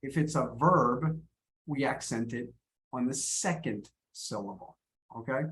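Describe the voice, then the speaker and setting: A man's voice: mid-range voice, expressive, measured pace, a bit bright. Man teaching on a video call. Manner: friendly, repeats words and restarts often. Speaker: English pronunciation teacher. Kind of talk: live online lesson.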